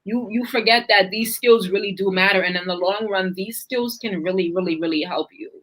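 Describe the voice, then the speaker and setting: A woman's voice: mid-range voice, fairly quick, a bit bright, low-quality recording. Young woman, talk show host, casual and chatty, filler-heavy. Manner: chatty, leans on "like" and "right?" tags. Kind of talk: casual chat.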